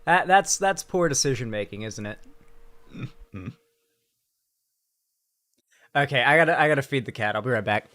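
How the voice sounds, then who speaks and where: A man's voice: medium pitch, expressive, normal speed, long pauses, pushed and bright. Profane sarcastic young male streamer. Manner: profane, sarcastic, joking banter with chat. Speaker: live streamer. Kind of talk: late night stream commentary.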